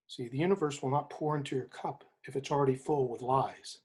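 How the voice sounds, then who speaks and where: A man, an interview guest, retelling a story in an emphatic, animated way, often repeating phrases for weight. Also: medium pitch, brisk, hardly any pauses. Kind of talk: inspirational storytelling in conversation.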